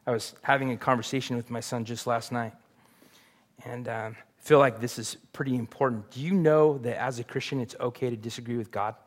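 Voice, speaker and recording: A man's voice: medium pitch, fairly even intonation, fairly quick. A man preaching a sermon as pastor, earnest and confessional, building to emphatic peaks.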